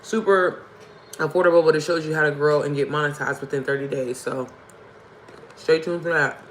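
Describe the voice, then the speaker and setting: A young woman with a hoarse voice, hosting a casual livestream and chatting directly to her viewers. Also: low-pitched, steady tone, moderate pace, a little hiss or hum, low-quality recording. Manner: chatty, addresses viewers as y'all and baby. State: hoarse from screaming. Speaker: livestream host.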